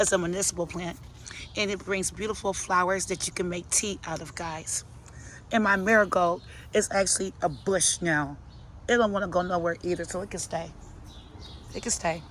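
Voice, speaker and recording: Touring her outdoor garden with a phone camera, a middle-aged woman chats casually and sassily, talking to her plants, herself, and her viewers. Her voice is fairly low and a bit bright, with a little hiss or hum on the audio.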